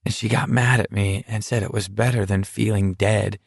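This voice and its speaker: A man voicing an earnest teenage boy in a deadly walking contest, speaking in a confiding, rambling, quietly hurt way. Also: on the low side, steady tone, moderate pace, vocal fry, breathy edge, no echo, clean studio sound.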